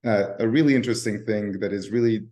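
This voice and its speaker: Middle-aged male speaker, scratchy hoarse voice, low pitch, relaxed presenter on a video call. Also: fast talker. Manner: relaxed, talks with fillers and restarts. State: hoarse from voice overuse. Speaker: guest speaker, nonprofit founder. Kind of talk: live-stream presentation.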